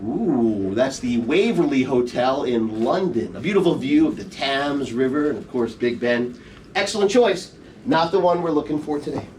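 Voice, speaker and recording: A middle-aged man, animated and darkish in tone, speaks at normal speed in a mid-range voice while performing comedy magic on stage and teasing the volunteers through each trick. Captured by an audience member's front-row camera in a theater show room, his voice is distant over faint room noise.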